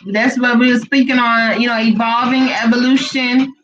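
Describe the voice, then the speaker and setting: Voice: mid-range voice, little pitch movement, normal speed, a bit bright. A co-host of a live spiritual reading stream, chatting casually and encouragingly while greeting viewers and teaching. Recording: dull lo-fi livestream audio with faint music.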